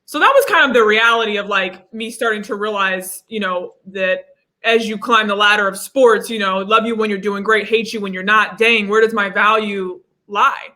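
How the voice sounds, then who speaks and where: Bright-voiced young woman telling a story. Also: medium pitch, moderate pace. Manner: animated storyteller, acts out quotes. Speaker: guest. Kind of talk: conversational storytelling. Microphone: video call.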